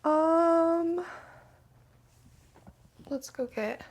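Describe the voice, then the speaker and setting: High-voiced woman chatting to her dogs. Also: very slow, slight background noise. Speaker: vlogger, small business owner. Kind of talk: casual day-in-the-life vlog. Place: at home and out on a walk. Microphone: small clip-on microphone.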